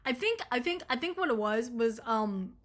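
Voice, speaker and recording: Bright-voiced young woman telling a rambling story. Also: fairly high pitch, normal speed. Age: young adult. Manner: swears often, rambling, animated retelling. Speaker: vlogger. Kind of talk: casual storytime vlog.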